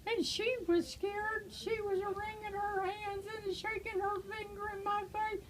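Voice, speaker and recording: An older woman evangelist shares her personal testimony haltingly, with many pauses and fillers, becoming tearful at times. Her voice is very high with little pitch movement, and the recording is rough.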